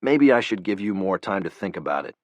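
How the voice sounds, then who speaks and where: A male narrator playing a hard, controlled operative who speaks low and quiet, calm with a threat underneath. The recording is dull and dry. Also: brisk, dry recording. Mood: cold.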